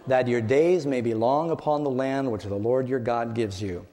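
A man delivers a dramatic sermon, building his voice up high and then sinking it to a near hush. His tone is dark and mellow, carried by the long reverb of a large hall. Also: moderate pace. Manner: dramatic storytelling, voice rising and dropping low. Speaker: preacher.

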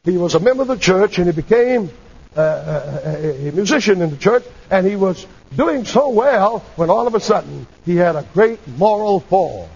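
An impassioned man preaching a sermon. He has a high, swooping voice and calls out for amens between sudden shouts. The tone is husky and the recording sounds dull and lo-fi. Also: expressive, moderate pace.

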